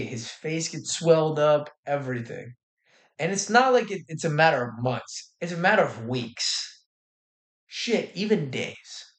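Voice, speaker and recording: A young man hosts a casual livestream about a fight night. His voice sits slightly high, and he talks in brash, cursing, slangy bursts, full of trash talk. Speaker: livestream host.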